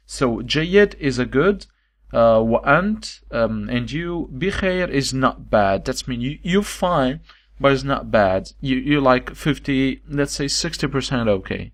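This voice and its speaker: Man teaching slowly, halting with fillers. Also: mid-range voice, expressive. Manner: halting, many fillers, repeats words slowly for learners. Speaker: language teacher. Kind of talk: recorded online lesson.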